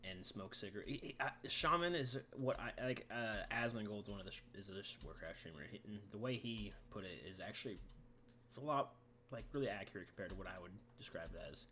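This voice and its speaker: A man's voice: on the low side, animated, sharp tone, slight background noise. A man co-hosting a casual gaming podcast, rambling and swearing freely. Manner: profane, rambling, quick reactions. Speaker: podcast co-host.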